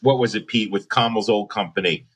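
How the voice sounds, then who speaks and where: A man co-hosting a podcast, speaking in a halting way with many restarts. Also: lowish voice, fairly bright tone, husky. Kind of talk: casual interview chat.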